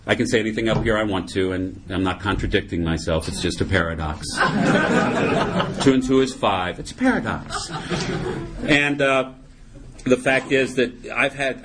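A man's voice: low-pitched, background noise. A middle-aged man speaking at a recovery meeting, giving a humorous personal testimony. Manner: humorous, animated storyteller.

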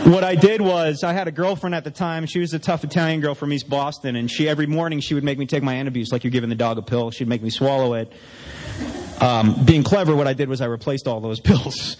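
A man's voice: mid-range voice, darkish tone, a little hiss or hum, poor audio. A man giving a personal testimony at a recovery meeting, candid and self-mocking, acting out his own inner voices as he tells it. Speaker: speaker sharing his recovery story.

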